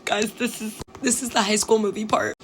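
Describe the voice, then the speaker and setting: A young adult woman telling an embarrassing story to her viewers in a chatty, fast way, full of "like" and acted-out quotes. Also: medium pitch, little pitch movement, slight background noise. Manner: chatty, fast, heavy use of "like", acts out quotes. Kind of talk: casual storytime chat.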